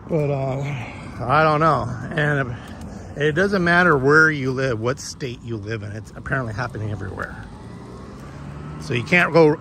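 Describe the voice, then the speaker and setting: His voice is medium-pitched, pushed and bright, at a normal speed, with slight background noise behind it. The man is walking his dog outdoors, chatting casually with live viewers and telling a rambling story full of profanity.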